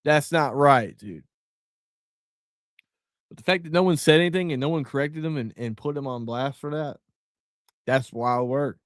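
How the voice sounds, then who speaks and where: A man's voice: mid-range voice, normal speed, long pauses, no room sound, clean studio sound. A middle-aged man hosting a podcast, giving blunt, profane, heated commentary. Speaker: podcast host.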